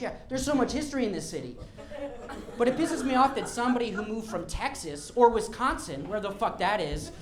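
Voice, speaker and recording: A stand-up comedian from Denver doing a live club set, a man with a giggly, nervous, self-mocking delivery. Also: high voice. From Denver, Colorado, USA. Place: comedy club stage before a live audience. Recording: echoey club with loud crowd laughter.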